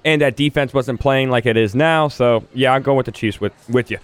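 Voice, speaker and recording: A man co-hosting sports betting radio, giving his picks hesitantly with many pauses. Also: medium pitch, smooth. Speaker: co-host.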